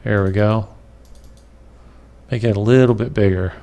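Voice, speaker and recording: A male instructor walks through a recorded lesson at an unhurried pace, his voice rough with a gravelly fry. He hesitates often and fills the pauses with ums and uhs, and he has the hiccups. The sound comes from a plain computer microphone. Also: on the low side, steady tone, warm tone. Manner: slow, halting, many fillers and pauses. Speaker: web development instructor. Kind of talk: recorded screen-capture lecture.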